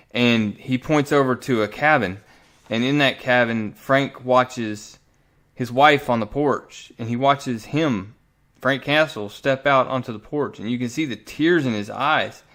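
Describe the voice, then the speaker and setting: A man giving a casual, animated recap of a comic book story as a reviewer, often restarting his sentences. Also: mid-range voice.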